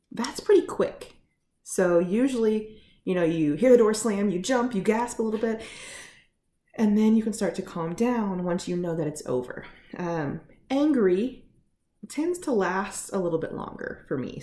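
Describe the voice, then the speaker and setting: A woman giving a casual lesson on feelings from her living room, explaining gently with many fillers. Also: medium pitch, reverberant. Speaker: teacher.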